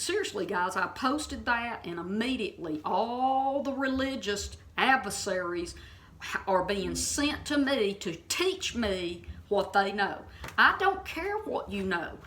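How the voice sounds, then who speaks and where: Bright-voiced, blunt woman teaching the Bible. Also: medium pitch. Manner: blunt and emphatic, keeps checking in with "okay?". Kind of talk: impassioned informal Bible teaching.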